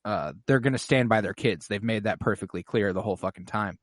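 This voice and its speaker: A man's voice: lowish voice, fairly quick, dry recording, clean studio sound. Swearing casual man on a podcast. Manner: profane, loose, acts out characters in quotes. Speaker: podcast co-host. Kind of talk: casual recap chat.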